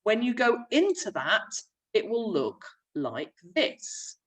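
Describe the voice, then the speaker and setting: A woman's voice: fairly high pitch, huge pitch swings, takes it slowly, distant mic, poor audio. A young woman, a primary school teacher, chattily explaining a remote lesson while sharing her screen. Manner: friendly, chatty classroom explaining.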